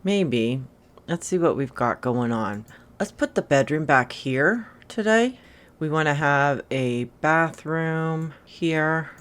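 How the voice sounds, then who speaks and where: A woman giving a casual voice-over while building in a game, thinking aloud in an unhurried, musing way. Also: low voice, lively intonation.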